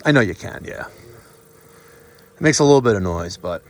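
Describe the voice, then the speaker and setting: A man's voice: lowish voice, lively intonation, normal speed. A man hosting an HVAC job-site vlog, talking in a salesy, infomercial-style patter about the system he just installed. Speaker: HVAC contractor and show host. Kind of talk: casual on-the-job vlog talk.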